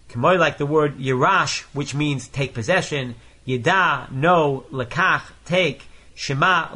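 Bright-voiced man teaching Torah. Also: on the high side, breathy edge. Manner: reads each Hebrew phrase then explains it in English. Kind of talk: Torah lesson, reading Hebrew verses and translating line by line.

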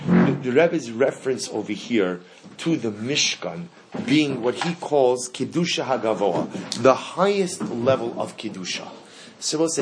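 Lively man teaching a class. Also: mid-range voice, background noise. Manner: animated, asks the class questions and repeats key phrases. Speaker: Torah teacher. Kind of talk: classroom Torah lesson.

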